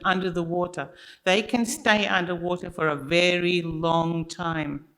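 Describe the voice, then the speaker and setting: A storyteller tells a tale at church at a slow, easy pace. The voice has a gravelly edge, a bright tone and a plain, expressive delivery that speaks right to the listeners. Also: mid-range voice, poor audio. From Australia. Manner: unhurried and expressive, addressing listeners directly. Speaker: children's story teller at church. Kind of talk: told story in a church service.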